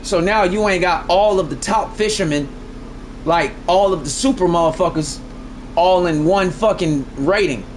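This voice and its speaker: A man livestreaming a game, chatting casually in a boastful, profane, slangy way that gets loud when excited. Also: high voice, normal speed, slight background noise. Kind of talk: casual live-stream chat.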